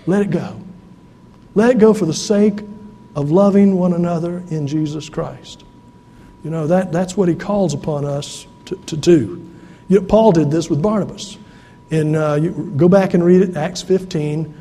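Male pastor, high mellow voice, storytelling sermon, long church reverb. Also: moderate pace, slightly rough. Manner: storytelling, acts out quoted voices. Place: church sanctuary.

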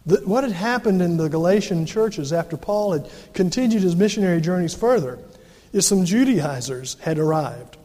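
High-voiced preacher in a reverberant hall. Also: male voice, dark tone. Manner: emphatic preaching, acts out quoted voices. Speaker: pastor. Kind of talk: sermon with scripture reading.

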